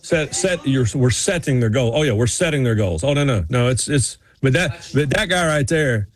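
A man's voice: medium pitch, lively intonation, moderate pace. A man from North Carolina with a Southern accent, chatting as a sports radio co-host in a rambling, joking way. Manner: rambling, joking, many restarts. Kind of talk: casual chat.

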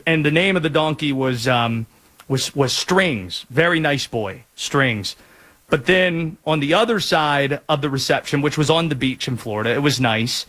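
A man from North Carolina hosting a sports talk show, chatting in a lively, jokey way with asides. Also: mid-range voice. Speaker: sports radio host.

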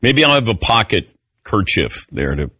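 Lively, bright-voiced middle-aged talk host. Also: male voice, fairly low pitch, moderate pace, husky, no echo, clean studio sound. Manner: animated storyteller, calls on panelists. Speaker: radio show host. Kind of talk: sports talk radio banter.

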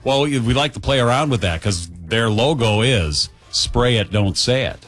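A man's voice: mid-range voice, animated, normal speed, a bit bright, faint music behind. A man hosting a radio show, bantering easily and reading sponsor spots. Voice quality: jokey, easygoing. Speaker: radio host. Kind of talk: morning radio banter with ad reads.

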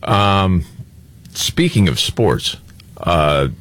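A man co-hosting a radio show, trading wry quips with his co-hosts in casual banter. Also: deep voice. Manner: wry, quick quips, lively intonation. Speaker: radio co-host. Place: radio studio.

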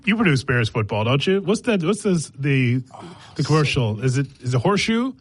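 A man's voice: mid-range voice, big pitch swings, brisk, husky, dry recording. A man hosting a sports talk show in a casual, playful, teasing way, laughing often. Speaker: sports radio host.

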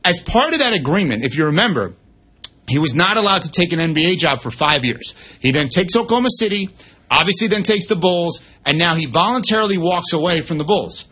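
A man hosting sports radio, reading the news and then giving brisk, opinionated analysis with asides into a studio mic. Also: sits high, expressive, pushed and bright, husky.

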